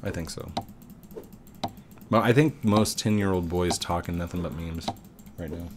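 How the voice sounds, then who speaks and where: A man's voice: low-pitched, normal speed, background noise. A man hosting a gaming video from his home setup, joking around with his son at a desk microphone. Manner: playful, joking banter. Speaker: gaming channel host. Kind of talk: casual chat with his son while gaming.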